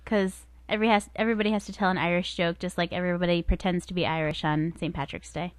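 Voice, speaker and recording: A woman's voice: lowish voice, fairly even intonation, fast talker, no echo. A woman co-hosting a casual talk show, chatting and reading jokes aloud from a list. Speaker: podcast co-host.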